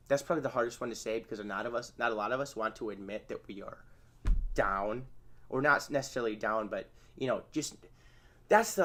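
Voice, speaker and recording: A man's voice: mid-range voice, big pitch swings, a little fast. A man hosting an informal spoken lesson on therapy skills, talking conversationally and acting out sample phrases. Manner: conversational, acts out sample phrases, self-correcting. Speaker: channel host teaching therapy skills.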